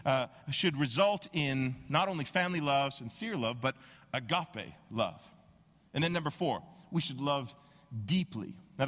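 Man, pastor, sermon, fairly high voice, animated storytelling, long hall reverb.

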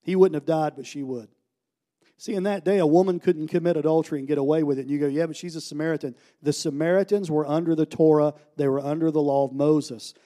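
Man preaching with hushed-to-loud swings. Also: fairly high pitch, steady tone, quick pace. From United States. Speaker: pastor. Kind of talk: sermon.

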